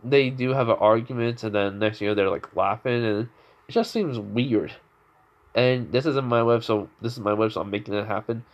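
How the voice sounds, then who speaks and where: Young male storyteller, rambling and unscripted, mid-pitched voice. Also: normal speed, highs cut off. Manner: rambling, many fillers and restarts. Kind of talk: improvised fan story narration.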